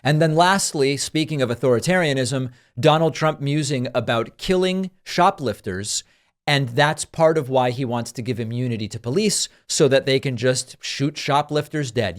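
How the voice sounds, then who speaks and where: A man's voice: mid-range voice, expressive, moderate pace. A man hosting a political commentary show, reacting to clips in a dry, sarcastic way on a studio microphone.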